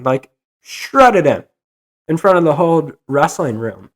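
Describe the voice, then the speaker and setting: A young man hosting a solo podcast, ranting in an exasperated, animated way. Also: a little high, unhurried. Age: young adult. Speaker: podcast host.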